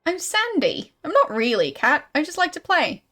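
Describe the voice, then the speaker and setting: A woman's voice: sits high, big pitch swings, normal speed, bright, forceful tone, faint music behind, heavily acted. A woman reading the lines of a small girl who pretends to be a cat, in a playful, chirpy manner.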